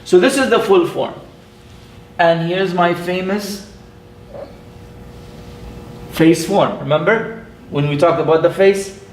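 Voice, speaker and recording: A man, an imam, teaching a classroom lesson, patient and playful, repeating sounds slowly for his students. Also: high voice, a little hiss or hum. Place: mosque classroom. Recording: echoey room.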